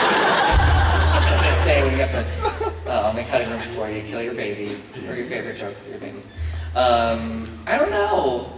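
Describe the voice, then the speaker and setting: A man answering fan questions at a convention panel, rambling and self-deprecating with frequent chuckles. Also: mid-range voice. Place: large convention hall. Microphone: handheld mic, heard from a distance. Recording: echoey hall from far off, noisy.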